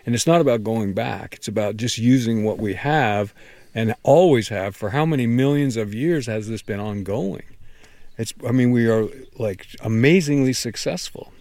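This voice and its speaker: A man's voice: medium pitch, normal speed, a little mellow, no echo. A man who writes and teaches, speaking as an interview guest with earnest enthusiasm, often restarting as he thinks aloud. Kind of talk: conversational interview.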